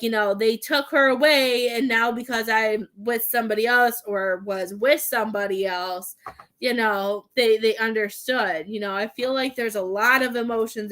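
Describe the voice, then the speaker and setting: Psychic medium, female, fairly high voice, chatty and giggly, rambles through a tarot reading. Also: normal speed, a bit bright.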